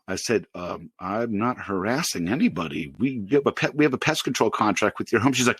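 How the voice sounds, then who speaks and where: Animated storytelling man, late forties. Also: brisk, hardly any pauses, slightly rough, dry recording. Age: 40s. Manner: animated storyteller, pitches up for quoted outbursts, laughs often. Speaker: podcast co-host. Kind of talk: casual storytelling.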